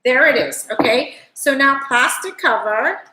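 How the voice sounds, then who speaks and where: A woman's voice: high-pitched, lively intonation, a little slow, pushed and bright, a little hiss or hum. A woman hosting a live cooking stream from her home kitchen, chatting fondly and rambling to her viewers as she works. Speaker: cooking show host. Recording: echoey kitchen.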